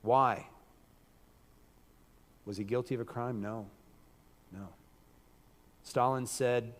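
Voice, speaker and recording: A man preaching a sermon in a church, losing his voice, emphatic and breaking into loud bursts. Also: on the low side, steady tone, slow, long pauses, big-room sound. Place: church hall.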